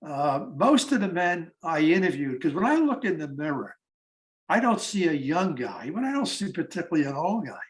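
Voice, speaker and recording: A man's voice: fairly high pitch, normal speed. A man of eighty telling stories about the war veterans he interviewed, acting out the conversations. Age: 80s. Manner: animated storyteller acting out conversations. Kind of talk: storytelling talk.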